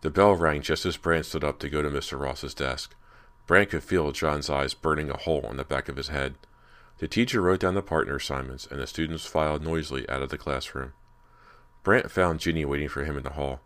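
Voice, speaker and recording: A male audiobook narrator with an extremely low, deep voice. He reads a spooky young-adult novel in a steady, measured way. The delivery is calm and even throughout. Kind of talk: scripted narration.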